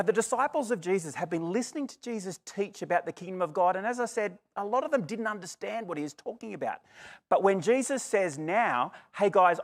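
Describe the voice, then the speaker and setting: A middle-aged man preaching a sermon, lively and expressive, acting out the voices in the story. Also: fairly high pitch. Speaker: pastor.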